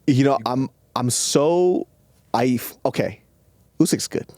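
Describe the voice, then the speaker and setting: Chatty man with an animated mid-range voice. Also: mid-range voice, no echo, studio quality. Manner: chatty, laughs easily, halting restarts. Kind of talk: casual podcast chat.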